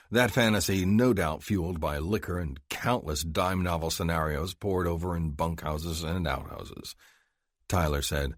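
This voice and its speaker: A man doing scripted narration of an audiobook in a measured storytelling manner. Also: low voice, no echo, clean studio sound.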